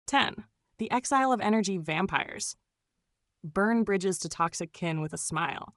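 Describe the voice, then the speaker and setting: A woman's voice: medium pitch, lively intonation, a little slow, a bit bright, no echo, studio quality. A woman reading scripted narration in a gushing, doting way, full of pet names.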